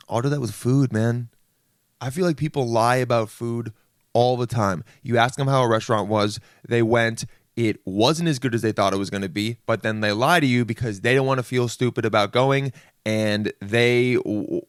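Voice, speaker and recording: A young man rambling through a comedic solo rant as a podcast host, poking fun at himself and at others. His voice sits at a middling pitch. The sound is close and dry, with no room around it. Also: dry recording. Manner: rambling, mocks others in put-on voices, self-deprecating.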